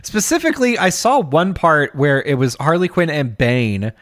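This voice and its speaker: A podcast co-host chats casually in a laid-back way, chuckling often and letting thoughts trail off. His voice sits on the high side with big pitch swings, a moderate pace and a slightly bright tone, captured dry with clean studio sound.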